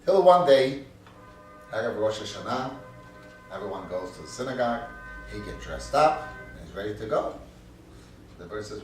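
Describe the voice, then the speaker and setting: A male instructor telling a parable to his class in halting, animated phrases. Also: on the low side, faint music behind. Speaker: course instructor. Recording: echoey room, mic far off, faint noise.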